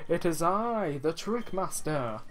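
A man's voice: fairly high pitch, big pitch swings, slow pace, a little hiss or hum. A man doing a boastful trickster with a weird accent. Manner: showy and theatrical, in a weird accent. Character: boastful self-styled famous male trickster.

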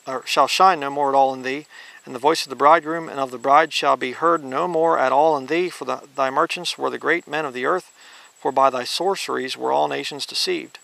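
Gravelly male preacher reading scripture. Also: medium pitch, steady tone, sharp tone, dry recording. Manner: reads scripture slowly, then blunt conversational asides. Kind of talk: informal Bible teaching.

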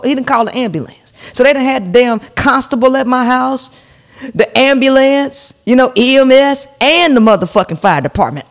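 A woman in her forties rants through a comic story on her podcast, cursing freely and calling out to her listeners. Her voice sits high and has a gravelly edge. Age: 40s. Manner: profane, animated, addresses listeners as y'all. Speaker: podcast host.

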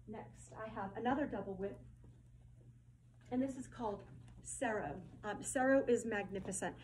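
A woman presents fabrics in a casual, gushing way, repeating her praise and pausing on ums. Her voice sits at an ordinary middle pitch. A faint hiss of noise runs under the recording. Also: poor audio. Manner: effusive, gushing, repeats words, many ums. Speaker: host presenting fabric collection. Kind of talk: casual product showcase.

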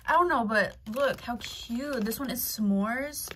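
A woman's voice: fairly high pitch, slow pace, few pauses, a bit bright, slight background noise. A young woman vlogging in a chatty, playful way, calling her viewers girl. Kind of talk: casual vlog chat.

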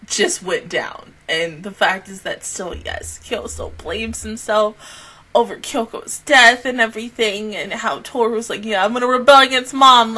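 A woman hosting an anime reaction and review, swearing, laughing and crying out, then talking it through more quietly. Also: mid-range voice. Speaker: anime reaction channel host.

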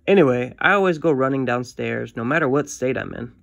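Gravelly man reading a story aloud. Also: mid-range voice, brisk, dry recording, dull audio. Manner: friendly, lively read-aloud. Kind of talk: reading a comic book aloud to children.

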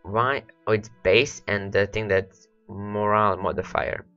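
Low, gravelly-voiced man with worn voice. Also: steady tone, a little slow, sharp tone, highs cut off, soft background music. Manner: rambling, repeats words, talks to his game units. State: voice worn and cracking from hours of talking. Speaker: let's play host. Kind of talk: rambling gameplay commentary.

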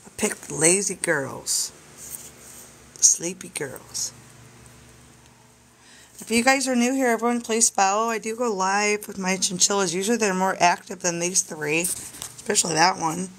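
A woman hosting a casual live stream with her pet chinchillas, coaxing them in soft baby talk and chatting to viewers. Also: mid-range voice, a little slow, long pauses, slight background noise.

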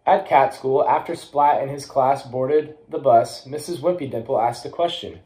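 A young man reading a children's picture book aloud to schoolchildren, lively, with quick voices for the characters. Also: mid-range voice, rough recording. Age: young adult. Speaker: college athlete reading aloud.

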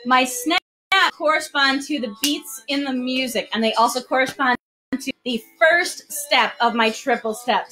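Woman dance teacher, high voice, counts steps while dancing, slightly winded. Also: a little slow, pushed and bright, faint music behind. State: out of breath. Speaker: dance instructor. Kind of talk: live-streamed dance lesson. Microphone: single mic while moving around.

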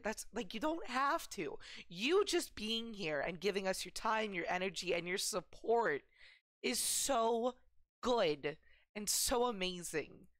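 A woman's voice: medium pitch, fairly bright tone, no room sound. Emotional gushing woman streamer. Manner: emotional, gushing, rambling with fillers. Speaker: livestreamer. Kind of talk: casual livestream chat.

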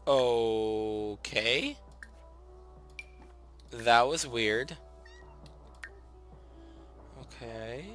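Speaking extremely slowly with long pauses, a young man in the mid-range gives casual let's play commentary on a life-sim game for his gaming channel. He chats to his characters and gushes when something cute happens, with soft background music behind him.

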